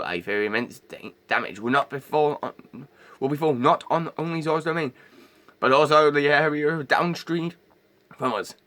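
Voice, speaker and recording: A man's voice: medium pitch, bright, forceful tone. A man doing a grand old fish king. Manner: formal, grand old-fashioned speech. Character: huge regal old male fish king, warm-hearted. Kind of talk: amateur game voice-over.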